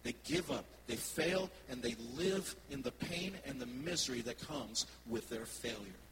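A man, a worship pastor, preaching a sermon and telling personal stories in a conversational, animated way to his congregation. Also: medium pitch, a little slow, background noise.

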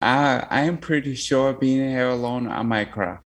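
A man's voice: mid-range voice, unhurried, crowd noise. A man in casual conversation, answering with brief, laid-back reactions. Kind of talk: casual chat.

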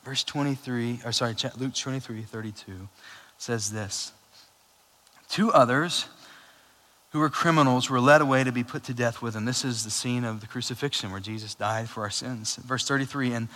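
A man preaching a sermon in a casual, animated way, with chatty asides. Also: medium pitch, moderate pace. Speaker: pastor. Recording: long hall reverb.

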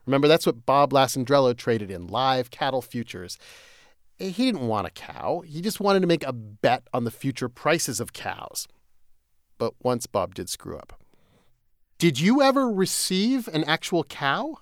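Lively male podcast co-host. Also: mid-range voice, unhurried, no room sound, clean studio sound. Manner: lively, animated, laughs easily. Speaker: podcast co-host, economics reporter. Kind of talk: casual chat, scripted explainer.

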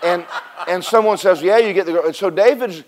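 Male preacher, high pitch, animated sermon delivery with call-and-response. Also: fairly quick. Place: church service with congregation responding.

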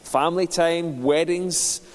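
A man's voice: fairly high pitch, fairly even intonation, slow. A man preaching a sermon, telling stories in a conversational, self-deprecating way. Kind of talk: sermon with storytelling. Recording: reverberant hall.

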